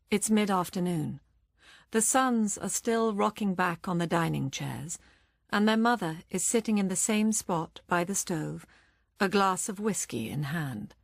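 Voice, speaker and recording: A woman reading a novel aloud in measured, even scripted narration. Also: on the low side, no room sound, studio quality.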